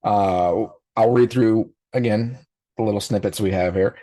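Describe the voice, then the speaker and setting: A man in his forties hosts a podcast with a rambling, nostalgic reaction, full of ums and restarts. His voice sits a little low and sounds dry and close. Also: fairly even intonation, measured pace, warm tone, no echo. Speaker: podcast host. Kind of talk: casual reaction commentary.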